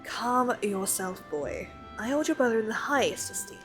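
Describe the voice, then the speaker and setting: A woman doing a calm older guild master. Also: a little high, music in the background, natural voice. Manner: slow, measured storytelling.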